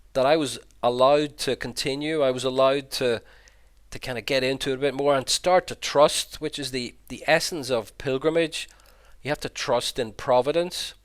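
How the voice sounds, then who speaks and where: A middle-aged Irish man, a priest, telling a personal story over slides on a video call in an earnest, reflective way, often repeating words. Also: mid-range voice. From Ireland. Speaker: Jesuit priest and pilgrim guide giving a talk.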